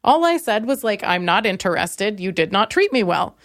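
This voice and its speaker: A young woman hosting a comedy podcast, telling a story with sarcastic, animated asides. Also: mid-range voice, normal speed, dry recording, studio quality. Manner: sarcastic, animated, quotes others in mocking voices. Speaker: podcast host.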